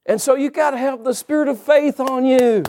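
Male preacher with a high voice, animated sermon delivery, calls out to the church. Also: moderate pace, slight background noise. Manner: animated preacher calling out to the congregation. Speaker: pastor.

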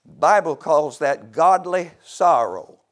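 A man preaching a fervent sermon who swings between hushed, intimate talk and loud shouts, with frequent laughter. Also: a little high, lively intonation, slow.

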